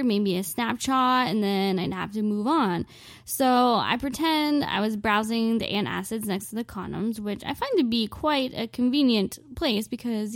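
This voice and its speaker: A woman's voice: a little high, dry recording, studio quality. A young woman telling a self-mocking comic story, rambling and dramatic, with lots of "like". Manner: dramatic, exaggerated delivery.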